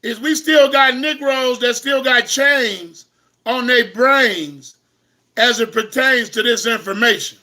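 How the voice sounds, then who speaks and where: Brief: impassioned male host, very high bright voice, slow deliberate delivery, preaches and shouts at viewers. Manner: impassioned, repetitive, bursts into shouting. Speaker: host of an online talk. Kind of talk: fiery preaching-style lecture to online viewers.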